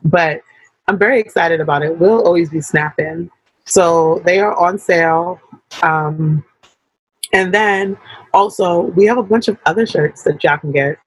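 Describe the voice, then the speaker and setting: A young adult woman co-hosting a casual podcast, talking in an animated, slangy way with quick asides. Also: lowish voice, breathy edge, no room sound, low-quality recording. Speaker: podcast co-host.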